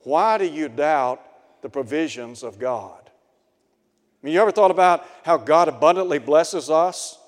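A man preaching a radio sermon, slow and deliberate, asking his listeners pointed rhetorical questions. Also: on the high side, lively intonation, big-room sound.

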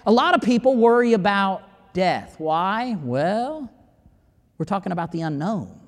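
A man preaching a sermon in a folksy, conversational way, quoting scripture. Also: high-pitched. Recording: hall reverb.

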